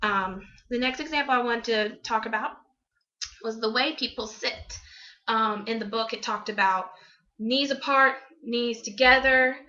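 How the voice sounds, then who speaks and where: Bright-voiced young woman, halting and full of ums. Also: a little high, dull audio. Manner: halting, many ums, demonstrates expressions. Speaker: student. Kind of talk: casual class presentation.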